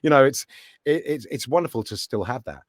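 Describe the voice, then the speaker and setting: A man's voice: medium pitch, fairly quick, dry recording, studio quality. A middle-aged man, an actor and voice actor, chatting casually as an interview guest and acting out voices as he tells stories. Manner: animated storyteller, acts out voices in anecdotes.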